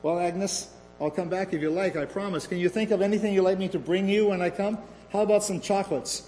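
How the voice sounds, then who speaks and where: A man reading the lines of a kind, earnest churchwoman visiting a rest home, gently asking questions. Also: sits high, fairly even intonation, fairly quick, a little hiss or hum, pitched above the performer's own voice, close to an everyday voice. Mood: gentle. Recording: reverberant hall.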